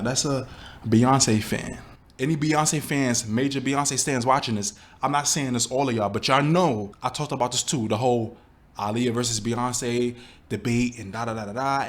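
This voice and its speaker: A man giving a reaction commentary to his viewers, exasperated and rhetorical, often asking them questions directly. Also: medium pitch. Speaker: YouTube commentator.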